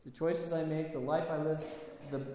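Guy giving a sermon, kinda high mellow voice, big echoey church sound. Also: steady tone. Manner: storytelling, halting with restarts and fillers. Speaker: preacher. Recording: echoey hall with long reverb.

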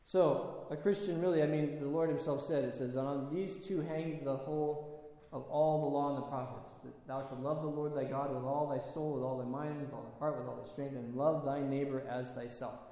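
A man giving a sermon, telling stories in a halting, conversational way with many restarts. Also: medium pitch, fairly even intonation, dark tone. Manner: storytelling, halting with restarts and fillers. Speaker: preacher. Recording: echoey hall with long reverb.

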